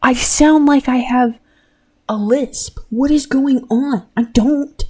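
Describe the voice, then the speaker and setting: A woman's voice: high voice, slow, a little mellow, breathy edge. A young woman in her late teens hosting a solo podcast, talking in a loose, rambling way. She giggles often and swears offhandedly as she chats. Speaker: podcast host. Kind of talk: casual solo podcast chat.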